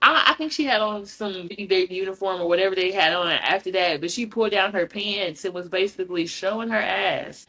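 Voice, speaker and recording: A woman's voice: mid-range voice, fairly quick, hardly any pauses. A woman hosting a podcast in casual chat, blunt, profane and outspoken, telling stories with animation. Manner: animated storyteller. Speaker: podcast host.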